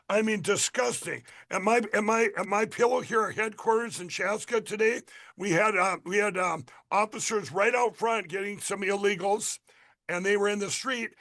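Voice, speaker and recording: A man's voice: high voice, a bit bright. A middle-aged man from Minnesota, a political candidate guest on a radio interview, talking in a rambling, emphatic way with many restarts.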